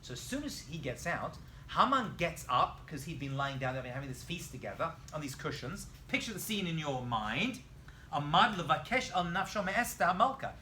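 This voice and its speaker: A man, a rabbi, teaching a lively Bible lesson in a classroom, telling the story with animation and quizzing his students. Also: fairly high pitch, normal speed, slight background noise.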